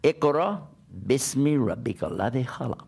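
A man's voice: medium pitch, normal speed, vocal fry, breathy edge. An older American man preaching a conversational sermon, telling stories and asking rhetorical questions. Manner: animated storytelling with rhetorical questions. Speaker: Islamic preacher.

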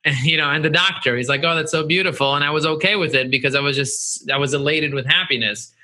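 Bright, earnest man talking animatedly. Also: a little high, fast talker. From United States. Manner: earnest, animated, repeats phrases for emphasis. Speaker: guest, marketing agency CEO. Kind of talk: candid interview conversation.

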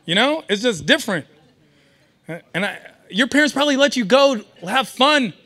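Young male stand-up comic, high bright voice, riffs with the crowd. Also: moderate pace. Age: young adult. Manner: animated, riffing with the audience. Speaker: stand-up comedian. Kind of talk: stand-up comedy set. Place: event hall, live audience.

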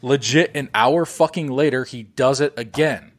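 Man, podcast host, casual chat, swears a lot, acts out the other voices in his stories, mid-pitched voice. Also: normal speed. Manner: profane, animated storytelling with acted-out quotes.

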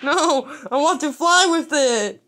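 A young woman chats through her gameplay in a playful, mischievous way, with frequent giggles. Her voice sits a little high and sounds very bright. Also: takes it slowly, faint music behind. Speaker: gamer. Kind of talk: casual gameplay commentary.

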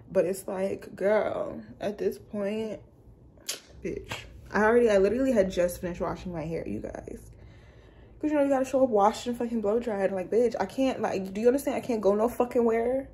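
A woman's voice: mid-range voice, warm tone. A woman, talking casually and bluntly to her vlog camera while she drives, full of slang and swearing. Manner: blunt, profane and chatty, uses slang like girl and y'all. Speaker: vlogger. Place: in a car while driving. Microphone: phone camera. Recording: car noise in background.

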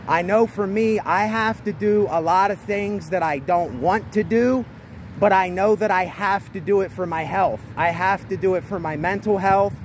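A man with a fairly high voice giving a motivational vlog talk outside. He talks emphatically and repeats his points, pushing his voice up to carry over faint traffic passing nearby. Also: normal speed. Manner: emphatic and repetitive, speaking loudly over outdoor noise. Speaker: vlogger. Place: outdoors near traffic.

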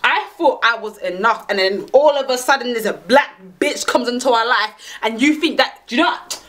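A woman's voice: a little high, fairly quick, fairly bright tone. A young woman, talking to camera in a brash, profane, slang-heavy casual monologue. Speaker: vlogger.

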